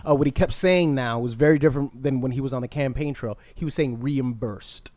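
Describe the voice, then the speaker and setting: A man co-hosting a comedy podcast, chatting casually with quick, profane wit. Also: medium pitch, dark tone, no room sound. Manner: quick-witted, laughing, profane. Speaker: podcast co-host.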